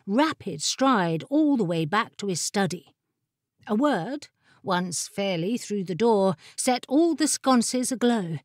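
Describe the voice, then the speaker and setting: Woman reading a fantasy audiobook, slow and unhurried, dry close sound. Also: mid-range voice, dry recording. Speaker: audiobook narrator. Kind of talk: scripted storytelling narration.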